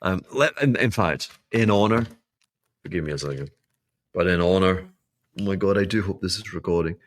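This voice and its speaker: A man's voice: low-pitched, moderate pace. A man hosting a solo podcast, giving rambling, wry, self-mocking market commentary with laughing asides. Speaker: podcast host.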